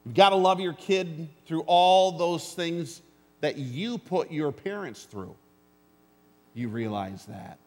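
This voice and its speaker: A man with a somewhat high voice delivers a sermon in a church sanctuary. He talks earnestly and plainly, slips in dry jokes and calls out to the congregation, and his voice rings out with a long hall reverb. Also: expressive, takes it slowly, darkish tone. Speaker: pastor.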